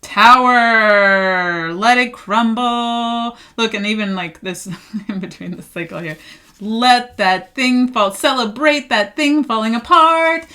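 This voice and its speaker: A woman's voice: fairly high pitch, unhurried, a bit bright. A woman giving a casual tarot card reading, chatty and emphatic, full of fillers, getting worked up as she talks. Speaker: tarot reader.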